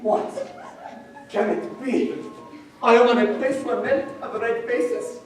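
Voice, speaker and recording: A young man on a school stage playing Cyrano, a boastful long-nosed man posing as a lunatic fallen from the moon, with loud, wildly theatrical declamation. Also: very high-pitched, steady tone, slow pace. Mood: manic, theatrical. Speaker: stage actor. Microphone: far room microphone. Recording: very echoey stage recording from far off, faint music.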